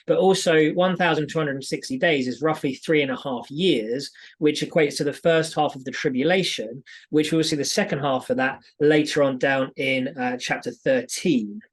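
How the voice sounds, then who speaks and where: A man's voice: a little high, normal speed. A British man co-hosting a podcast, chatting through Bible passages eagerly with frequent fillers. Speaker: podcast co-host. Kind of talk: casual Bible study chat.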